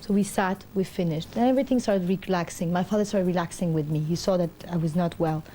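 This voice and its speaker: A middle-aged woman with a fairly low pitch talks at a quick pace amid slight background noise. As an interview guest, she animatedly tells a personal story, rambling with many fillers and acting out others' voices.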